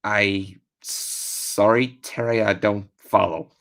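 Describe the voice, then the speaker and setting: A man's voice: on the low side, steady tone, slow, creaky, fairly bright tone. A man calling in to a radio-style show, putting on an unconvincing American accent and stumbling over his words. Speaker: caller.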